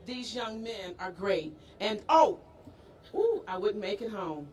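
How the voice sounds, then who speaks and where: A woman's voice: medium pitch, very animated, takes it slowly, darkish tone. A woman speaking at an outdoor school rally, effusive and stretching out her calls as she thanks each group. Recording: distant outdoor news mic with street noise.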